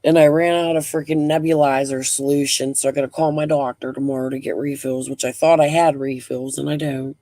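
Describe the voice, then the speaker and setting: A woman's voice: a bass voice, flat delivery, fairly quick, few pauses, mellow, dry recording. A middle-aged woman hosting a casual live stream. She talks bluntly, rambles, swears freely and breathes heavily.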